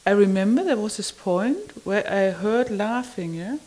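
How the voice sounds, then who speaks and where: A woman recalling a personal experience in conversation, halting and marvelling, often ending phrases with a questioning "yeah?". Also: mid-range voice, lively intonation, darkish tone, rough recording. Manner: wondering, marvelling delivery. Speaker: community member sharing an experience.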